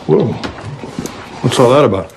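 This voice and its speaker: A man's voice: medium pitch, animated, unhurried, vocal fry, darkish tone, a little hiss or hum. A man playing a bewildered, defensive sitcom husband in a scene from a comedy series. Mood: baffled. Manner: defensive, baffled. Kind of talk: sitcom acting.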